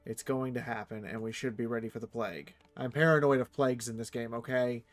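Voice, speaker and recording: A man streaming a strategy game, reading its text aloud and swinging from quiet muttered asides to loud, swearing outbursts. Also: medium pitch, fairly even intonation, fairly quick, soft background music. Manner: swears freely.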